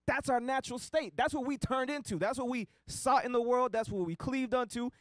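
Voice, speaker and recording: A man with a high voice speaks up in a sermon. He urges the listeners on earnestly. The sound is dry and close. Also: brisk, no room sound. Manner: earnest, exhortative. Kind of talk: impassioned sermon remarks.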